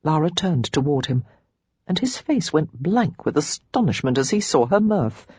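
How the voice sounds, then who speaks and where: A woman reading a romance novel aloud as an audiobook narrator, giving each character a pitch and tone of their own. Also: sing-song, normal speed, warm tone, slightly rough, dry recording.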